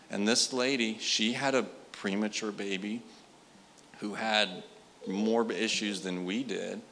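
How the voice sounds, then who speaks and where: An earnest man in his thirties preaching to a church, slipping into easy storytelling with lots of "uh" and "like". His voice sits a little low yet rings bright and forward. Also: vocal fry, slight background noise. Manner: earnest, conversational with frequent fillers. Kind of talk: sermon storytelling.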